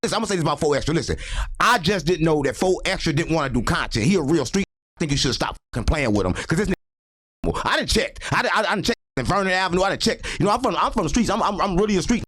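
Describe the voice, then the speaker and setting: A middle-aged man arguing heatedly as a podcast guest, loud and repetitive, cutting in again and again. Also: a little high, lively intonation, quick pace, slightly rough. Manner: loud, repetitive, keeps saying listen and come on gang. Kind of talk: heated argument.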